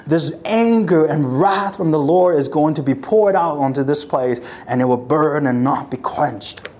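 A woman's voice: sits low, expressive, unhurried, dark tone. A woman preaching a sermon, telling the scene as a story and acting out how the crowd reacts, often repeating and restarting words as she builds. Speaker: pastor.

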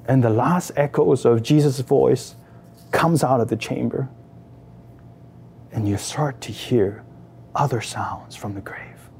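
Man gently guiding an imaginative meditation. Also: mid-range voice, vocal fry, slightly rough. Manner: second-person, slow, emotive storytelling. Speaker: prayer leader.

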